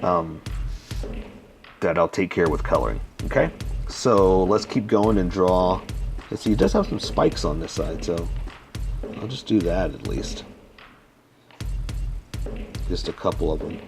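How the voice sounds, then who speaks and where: A man narrating each stroke of a step-by-step drawing lesson, rambling a little with many pauses and fillers. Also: low voice, expressive, gravelly, music in the background. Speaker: drawing instructor. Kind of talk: casual step-by-step drawing tutorial.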